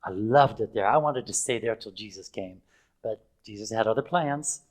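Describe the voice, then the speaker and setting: A man's voice: on the low side, moderate pace, rough recording. An older man preaching in a chatty storytelling way, with fillers and frequent chuckles. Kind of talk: anecdotal sermon.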